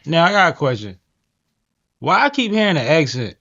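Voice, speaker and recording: A man's voice: fairly high pitch, very animated, normal speed, creaky, a bit bright. A man with a Philadelphia accent hosting a podcast, teasing his guest in casual slangy talk. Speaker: podcast host. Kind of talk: casual chat. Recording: slightly dull lo-fi sound.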